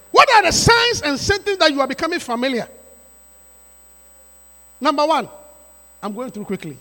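A pastor preaching a sermon to his congregation, emphatic and repetitive, with sudden rising shouts. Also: very high-pitched. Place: church sanctuary. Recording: reverberant church hall.

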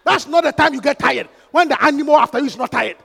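A man preaching a fervent sermon, swinging from hushed asides to shouted prayers and bursts of speaking in tongues. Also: extremely high pitch, fast, creaky. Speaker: pastor. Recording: echoey hall with long reverb.

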